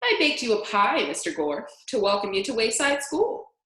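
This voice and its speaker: A folksy school cook chirps her lines in a high, lilting sing-song, voiced by a woman reading a storybook. Her pitch swoops around a lot. The room is echoey. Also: very animated, moderate pace, a bit bright. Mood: friendly.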